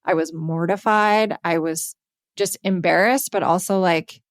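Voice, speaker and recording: Candid, lower-pitched woman telling a story. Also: measured pace, no echo, clean studio sound. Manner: candid, swears freely, animated retelling. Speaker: podcast co-host. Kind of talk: casual storytelling chat.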